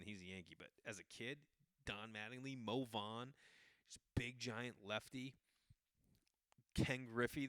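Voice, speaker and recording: Bright, animated man telling a story. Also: medium pitch, clear, resonant tone, no room sound, clean studio sound. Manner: animated, rambling, self-interrupting storyteller. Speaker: podcast host. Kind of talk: casual storytelling monologue.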